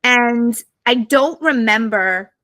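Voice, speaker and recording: Woman podcast guest, blunt and profane, bright forceful voice, dry close sound. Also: a little high, slow pace, no room sound. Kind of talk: candid storytelling to a live audience. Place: live podcast recording.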